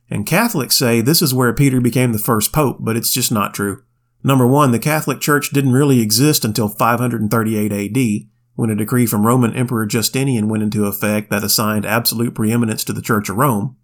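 A man's voice: medium pitch, fairly even intonation, fairly quick. A man co-hosting a Bible podcast, giving casual commentary with wry, plainspoken asides. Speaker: podcast co-host.

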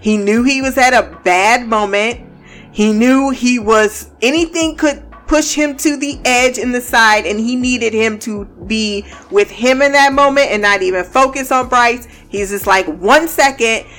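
Lady ranting about a tv episode, kinda high voice, swears a lot, keeps laughing. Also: a little slow, a bit bright, faint music behind. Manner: blunt, profane, laughs often. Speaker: TV show reviewer. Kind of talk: casual recap commentary.

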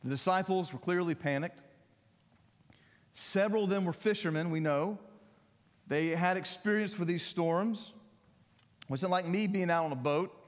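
A middle-aged man preaches in a church sanctuary, his somewhat high voice ringing out with a long reverb tail. He talks in a conversational, storytelling way, jumping up in pitch when he acts out what others say. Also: moderate pace, pauses often. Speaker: pastor. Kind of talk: sermon.

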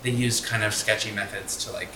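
A man's voice: fairly low pitch, fairly even intonation, a little fast, background noise. A man co-hosting a podcast, rambling casually and thinking aloud with many restarts. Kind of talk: casual chat. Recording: echoey room.

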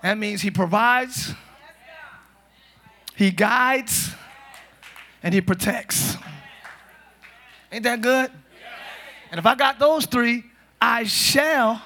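A male pastor preaching a lively sermon in a church, animated and joking, breaking into shouts. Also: extremely high pitch, very slow, pauses often. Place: church service. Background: congregation responding.

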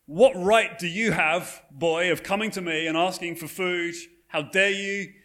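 A man's voice: high-pitched, lively intonation, slow pace, gravelly, darkish tone, pitched above the performer's own voice, exaggerated voice. A man voicing an angry, stern workhouse master who scolds a boy in a raised, incredulous voice. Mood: outraged.

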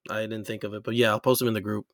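A man's voice: on the low side, flat delivery, racing, no room sound, studio quality. American man rambling in a podcast chat. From United States. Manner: rambling, with many fillers and restarts. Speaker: podcast host. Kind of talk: casual chat. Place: New York.

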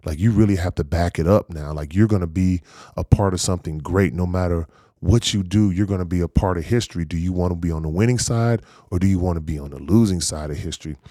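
Man in his 40s, deep and warm voice, conversational and candid, reflective storyteller. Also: fast, no echo, studio quality. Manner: candid, conversational, lots of "you know" and "like". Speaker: former football player telling his story.

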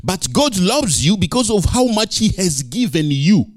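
A man's voice: high-pitched, very animated, moderate pace, no echo, studio quality. A male pastor preaching a sermon, emphatic and repeating key phrases.

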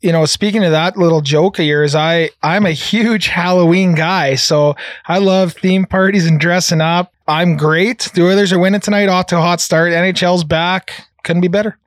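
Enthusiastic co-host, fairly high voice, playful. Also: male voice, fairly even intonation, moderate pace, hardly any pauses, no echo, clean studio sound. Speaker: podcast co-host. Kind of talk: casual podcast chat. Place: podcast studio.

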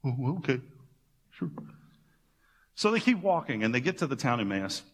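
Man preaching, lively swooping pitch, casual storytelling, long church reverb. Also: normal speed. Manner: animated, casual storytelling with playful asides. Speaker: pastor. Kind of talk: sermon.

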